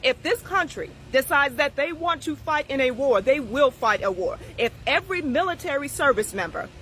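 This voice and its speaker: A woman giving a firm, measured political commentary in a vlog. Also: high-pitched, a bit bright, slight background noise.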